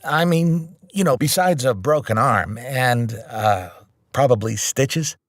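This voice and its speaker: A man's voice: medium pitch, takes it slowly, dry recording, studio quality, close to an everyday voice. A man narrating an audiobook voices a worried teenage friend who talks in a hesitant, fumbling way. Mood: concerned.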